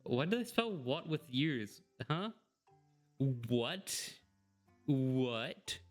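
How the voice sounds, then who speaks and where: A man's voice: medium pitch, sing-song, very slow, soft background music. A man giving casual let's-play commentary, joking and sarcastic and laughing often. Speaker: gameplay commentator.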